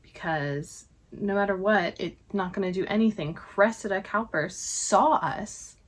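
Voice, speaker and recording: A woman quoting a desperate young woman urgently pleading with her brother in a hushed voice. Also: medium pitch, measured pace, lightly acted.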